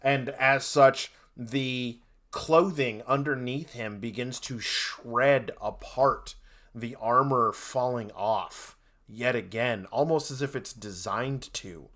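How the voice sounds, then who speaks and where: A man's voice: mid-range voice, slow, a bit bright. A man narrating a tabletop game as game master, rambling with many fillers.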